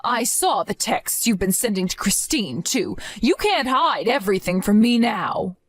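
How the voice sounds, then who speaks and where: A woman's voice: medium pitch, sing-song, measured pace, no room sound. A woman voicing a stern grandmother in an acted story, demanding and scolding. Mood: angry. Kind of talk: scripted story acting.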